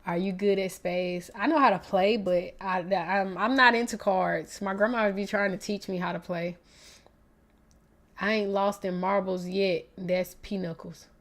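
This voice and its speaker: A young woman hosting a live stream in easygoing chat. Her voice sits at a middle pitch, and she talks in a relaxed drawl with trailing asides. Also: normal speed. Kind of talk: casual chat.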